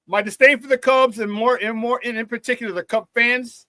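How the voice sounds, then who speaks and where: A man hosting a live-streamed sports talk show, reading viewer chat in an excitable, hyped way, laughing often and using slang. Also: very high-pitched, brisk, no echo.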